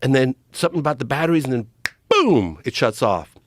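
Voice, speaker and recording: Man, lively swooping delivery, excited storyteller, close dry studio mic, podcast guest. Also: mid-range voice, fairly quick, dry recording. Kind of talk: animated storytelling.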